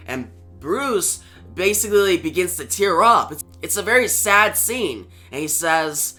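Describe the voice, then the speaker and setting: A man's voice: a little high, lively intonation, takes it slowly, hardly any pauses, pushed and bright, soft background music. A man reviewing a comic book on video, retelling the story casually and talking to viewers. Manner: plain retelling with fillers and asides to viewers.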